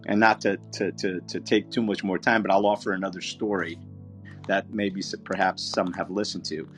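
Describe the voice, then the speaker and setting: A man giving a motivational talk as a guest speaker, an animated storyteller who often restarts and repeats his words. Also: deep voice, moderate pace, soft background music. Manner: animated storyteller, raises voice for quoted characters.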